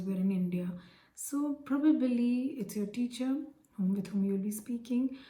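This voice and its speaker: A woman's voice: medium pitch, dark tone. A woman giving casual advice in a vlog about learning a language, chatty and full of "okay" fillers. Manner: chatty, frequent "okay" fillers, self-corrections. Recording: echoey room.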